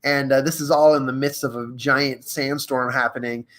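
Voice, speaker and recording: A young man hosting a live coaching stream, energetic and playful, reading passages aloud and chatting directly to his viewers. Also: mid-range voice, moderate pace. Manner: energetic, playful, reads aloud from a book and retells movie scenes. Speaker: host of a live social media show.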